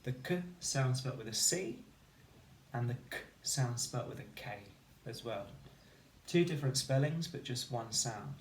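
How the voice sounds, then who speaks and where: A man's voice: medium pitch, animated, measured pace, reverberant, a little hiss or hum. Encouraging male teacher sounding out letters. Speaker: primary school teacher. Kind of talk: phonics lesson for children.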